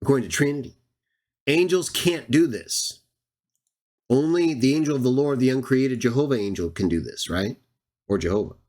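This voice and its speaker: A man's voice: mid-range voice, expressive, a little mellow. A man hosting a Bible channel, giving combative verse-by-verse scripture commentary, sarcastic and speaking straight at his opponents, stretching out the verses he reads for emphasis. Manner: drawn-out emphatic reading of verses. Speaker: Bible teacher and channel host.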